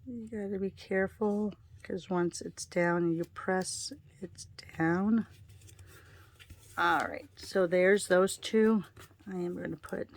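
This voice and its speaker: A woman's voice: mid-range voice, steady tone, takes it slowly. A woman giving a casual card-making tutorial, chatting her way through each step as she works.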